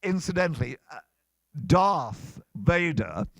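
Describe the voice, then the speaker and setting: A man's voice: on the high side, slow pace, gravelly, dry recording. An older man, an actor being interviewed at a fan convention, telling wry behind-the-scenes stories. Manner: animated storyteller, wry. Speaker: actor guest. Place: comic con booth.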